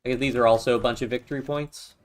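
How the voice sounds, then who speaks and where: A man's voice: mid-range voice, steady tone, quick pace. Wry man narrating a strategy game. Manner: chatty, wry, talks to himself while playing. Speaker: gaming YouTuber. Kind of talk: casual let's-play commentary.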